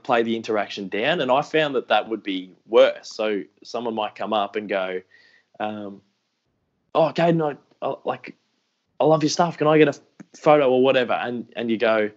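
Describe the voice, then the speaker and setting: This podcast guest is a young Australian AFL YouTuber with a mid-range voice, recorded with the highs cut off. In a casual interview he rambles through stories, acting out what people said and making self-deprecating remarks.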